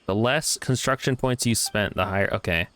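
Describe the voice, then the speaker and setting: A man streaming a video game, chatting casually, reacting excitably with swearing, laughter and mock-grand musings. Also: fairly low pitch, normal speed. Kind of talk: casual gameplay commentary.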